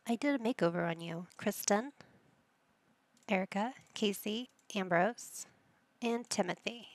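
Woman gamer host, unhurried, dry close-mic sound, casual running commentary talking to her characters. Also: mid-range voice, no room sound. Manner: chatty, talks to the game characters as she plays. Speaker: gaming channel host. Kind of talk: casual let's-play commentary.

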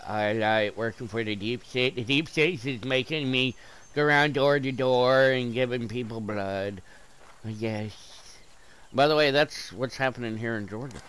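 A man giving rambling, joking commentary over his gameplay, swearing often and jumping between loud bursts and mumbled asides, wired on caffeine. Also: on the low side, a little hiss or hum.

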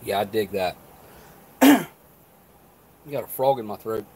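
A man's voice: on the low side, unhurried, slight background noise. A man casually reviewing rations on a live stream, thinking aloud between bites. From not Canadian. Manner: relaxed, thinking aloud while eating and chewing. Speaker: food reviewer.

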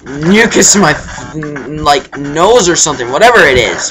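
A man's voice: fairly high pitch, big pitch swings, normal speed. A young man gives rambling, crude casual commentary while playing a game, breaking into sudden yelps. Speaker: let's play gamer. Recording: game music playing loudly behind.

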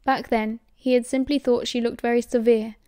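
A woman with a British accent reading audiobook narration at a steady, measured pace. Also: a little high, clean tone, no room sound, studio quality. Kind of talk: scripted narration.

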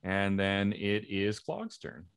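Low-voiced game master, animated delivery, halting phrasing, dry close sound. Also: male voice, vocal fry, clean tone, dry recording. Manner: halting, searching for words. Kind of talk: narrating a tabletop game. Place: live event room.

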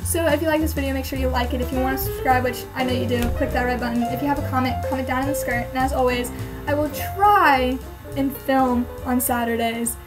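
A woman's voice: high-pitched, steady tone, brisk, over music, rough recording. A young woman vlogger chatting casually to camera, telling a story with lots of "um" and "like". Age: student.

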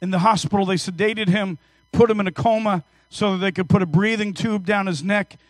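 A man in his fifties preaching a sermon in church, telling stories energetically and swinging between hushed and loud. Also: sits high, fairly even intonation, fairly quick, no room sound. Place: church service.

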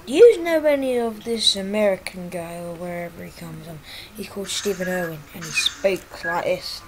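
A woman giving jokey, excitable commentary as she plays a video game, often breaking into exclamations. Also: on the low side, normal speed, background noise. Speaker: gaming YouTuber. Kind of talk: gameplay commentary.

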